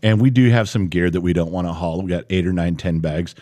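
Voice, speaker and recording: A middle-aged man co-hosting a podcast, telling stories in a blunt, animated way and swearing now and then. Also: low voice, a little fast, dry recording. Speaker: podcast co-host. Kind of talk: casual chat.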